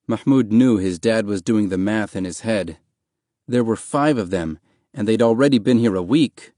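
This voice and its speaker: A man narrating an audiobook in a calm, even, measured reading voice. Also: fairly low pitch, dry recording, studio quality.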